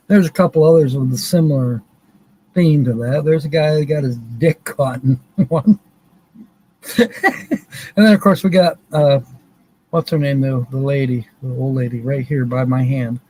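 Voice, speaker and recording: A man's voice: medium pitch, measured pace, pauses often, darkish tone, husky, poor audio. A man hosting a live stream, chatting in a rambling, folksy and joking way. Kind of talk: casual live stream chat.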